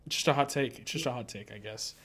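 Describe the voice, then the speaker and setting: A man's voice: mid-range voice, quick pace, a bit bright, husky. A young man co-hosting a casual podcast, laid-back, laughing often and trailing off with fillers. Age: young adult. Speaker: podcast co-host. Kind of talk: casual chat.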